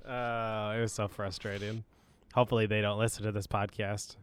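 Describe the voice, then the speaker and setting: A man's voice: fairly low pitch, sharp tone, clear, resonant tone. A young man co-hosting a casual podcast, telling stories with frequent laughter and quoting others. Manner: storytelling, laughs often, quotes others. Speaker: podcast co-host. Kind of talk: casual chat.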